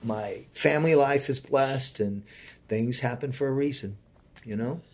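A man in his forties speaks as an interview guest, telling his personal story with earnest feeling and frequent drops to a soft voice. He talks unhurriedly at a medium pitch.

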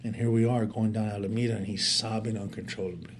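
A man shares his personal story earnestly, his fairly low voice quick and mostly flat in pitch. He talks casually in street slang with stammering restarts, and the recording carries a faint hiss.

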